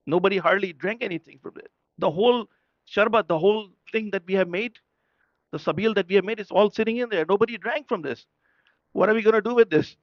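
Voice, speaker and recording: A man whose first language is Urdu speaks with a fairly high voice, recounting a tale as a sermon in a chatty way and pausing to ask his listeners whether they follow. The recording sounds dull and lo-fi, with a dry, close sound. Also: no echo. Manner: conversational, often checking in with the audience. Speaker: speaker at a religious gathering. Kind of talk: storytelling sermon.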